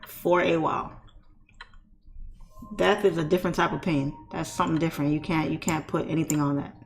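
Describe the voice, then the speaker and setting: A woman's voice: sits low, steady tone, brisk, creaky, a little hiss or hum. A woman streamer in casual, heartfelt chat, talking candidly and rambling with lots of "you know" fillers. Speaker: trading streamer.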